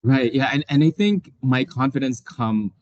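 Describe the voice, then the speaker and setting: A man's voice: mid-range voice, expressive, moderate pace, dry recording, lo-fi sound. A man, an occupational therapist, talking casually as an interview guest, hesitant with many restarts and frequent laughs.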